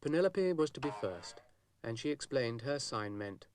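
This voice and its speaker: A man narrating a children's cartoon story in a gentle, wry storybook manner. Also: medium pitch, lively intonation, normal speed, noisy background.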